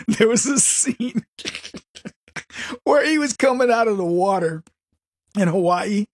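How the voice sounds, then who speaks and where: A man's voice: high-pitched, animated, slow pace, long pauses, no room sound, studio quality. A man hosting a political talk show, delivering an opinionated, mocking comedic monologue. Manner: mocking, mimics opponents in exaggerated voices, laughs at own jokes. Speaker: political commentary host.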